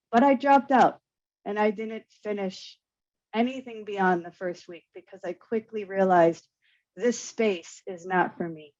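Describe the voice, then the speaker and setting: A woman, an artist and curator, telling a personal story earnestly and with feeling on a panel. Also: mid-range voice. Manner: earnest, emotional, animated storytelling with laughs. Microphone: video call. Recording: dull lo-fi video call audio.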